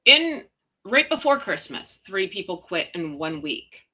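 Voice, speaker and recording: A woman's voice: lowish voice, very animated, unhurried, sharp tone, low-quality recording. A woman hosting a chatty livestream, reading viewer comments in a sarcastic, emphatic way. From United States. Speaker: host.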